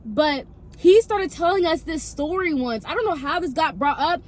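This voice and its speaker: Chatty high-voiced young woman. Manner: rambling, lots of filler, swearing, quick pitch jumps. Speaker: vlogger. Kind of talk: casual story time.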